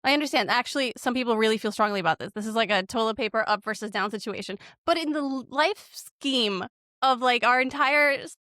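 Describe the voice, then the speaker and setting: An expressive woman therapist talks through relationship advice in a casual podcast chat, voicing little quoted exchanges as she goes. Her voice sits on the higher side. The recording is close and dry, with no room sound. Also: brisk, no room sound. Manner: animated, acts out quoted lines. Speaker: marriage and family therapist guest.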